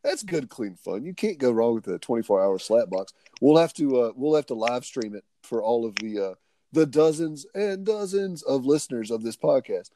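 A man's voice: mid-range voice, animated, normal speed, dark tone. A young man co-hosting a podcast, chatting casually with laid-back, joking banter and frequent swearing. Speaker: podcast co-host. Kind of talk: casual chat.

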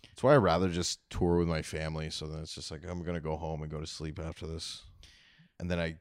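A man's voice: extremely low pitch, fairly even intonation, fast talker, dry recording, clean studio sound. A young man from Canada hosting a comedy podcast, talking in a blunt, profane, joking way. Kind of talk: casual podcast chat.

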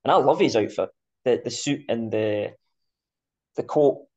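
A man's voice: medium pitch, a little slow, darkish tone. Scottish-born man on a dull lo-fi mic. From Scotland. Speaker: podcast co-host. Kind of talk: casual chat.

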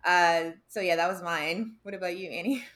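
A woman's voice: on the low side, moderate pace, fairly bright tone. A woman with an American accent chatting on a podcast, telling a story with many fillers and laughs. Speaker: podcast guest. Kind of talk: casual chat.

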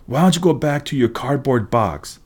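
A man's voice: lowish voice, lively intonation, measured pace, darkish tone. A man voicing a mocking, taunting teenage boy bully.

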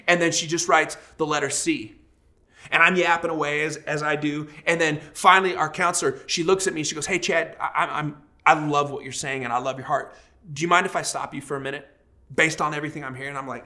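A man in his thirties, a pastor, preaching a sermon and telling a personal story in a lively storytelling way. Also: a little high, brisk. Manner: storytelling, animated, acts out quoted voices.

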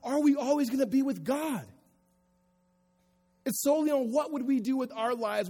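A pastor preaching a sermon to a congregation, moving from quiet reflection to raised, emphatic delivery. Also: male voice, high-pitched, expressive, normal speed, gravelly, long pauses, in a large hall. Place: church sanctuary before a congregation.

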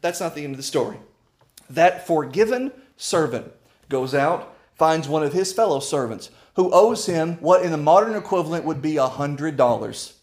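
A man's voice: lively intonation, moderate pace. Man preaching with fiery swings. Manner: swings from low, hushed tones to loud, high, urgent preaching; storytelling. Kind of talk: sermon.

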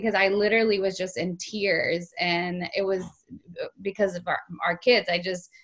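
Woman podcast host, mid-pitched voice, gushing and emotional, relaxed casual chat. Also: moderate pace.

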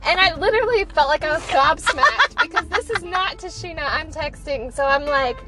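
Woman podcast co-host, high voice, teasing and animated, clear music bed underneath. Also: a little fast, low-quality recording. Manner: teasing, animated, quotes texts back and forth. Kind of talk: casual chat.

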